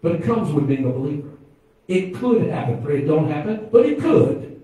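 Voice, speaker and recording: Male pastor, sermon, high voice, mellow tone, booming church echo, distant mic. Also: very animated, normal speed. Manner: preaching with call-and-response to the congregation; swings from quiet asides to loud, high exclamations. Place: church sanctuary. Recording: echoey church from far off.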